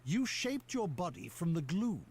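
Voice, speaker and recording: A voice actor playing a calm mentor in a game who probes the hero about their gloom-made body. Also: medium pitch, unhurried, husky, full character voice. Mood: probing.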